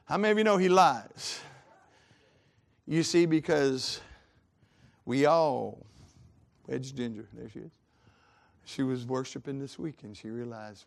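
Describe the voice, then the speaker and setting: A man preaching a sermon in a folksy, joking way, his chest congested and given to coughs, swinging from loud to hushed. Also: medium pitch, measured pace, gravelly, long pauses.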